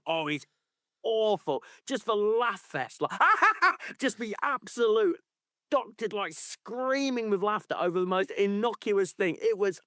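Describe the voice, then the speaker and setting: Lively, laughing man in casual chat. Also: sits high, unhurried, dry recording, clean studio sound. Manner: animated, laughing, swears freely. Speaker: podcast co-host.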